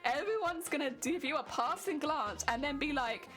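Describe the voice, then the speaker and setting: A woman's voice: sits high, expressive, moderate pace, a bit bright, faint music behind. A young woman, chatting casually and laughing often as she talks to viewers on her craft live stream.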